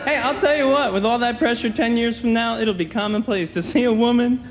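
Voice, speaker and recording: A man doing a stand-up comedy set on a comedy club stage, wry and conversational, slipping into quick voices for his bits. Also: very high-pitched. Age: older than 30. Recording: long hall reverb, clear room noise, 1990 TV taping.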